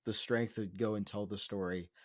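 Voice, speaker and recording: A man's voice: lowish voice, steady tone, moderate pace, no room sound, clean studio sound. A man hosting a podcast in casual conversation, earnest and affirming toward his guest. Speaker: podcast host.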